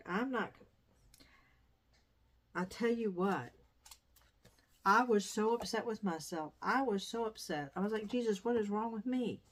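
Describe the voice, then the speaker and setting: A middle-aged woman chatting casually in a home vlog, wandering off topic and coming back. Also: medium pitch. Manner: chatty, digressive. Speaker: vlogger. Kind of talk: casual chat. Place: dining room used as sewing room.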